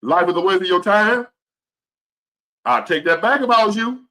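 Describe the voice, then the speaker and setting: A man's voice: high-pitched, lively intonation, moderate pace, pushed and bright. A man in his fifties giving a blunt, profane, preachy motivational rant to the camera. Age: 50s. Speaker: vlogger.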